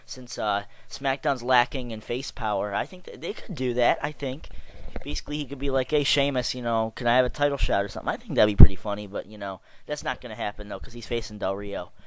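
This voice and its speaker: A man's voice: medium pitch, dry recording, rough recording. A young man from Chicago giving a rambling, exasperated and sarcastic casual rant about wrestling, full of fillers and restarts. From Chicago area. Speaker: wrestling vlogger.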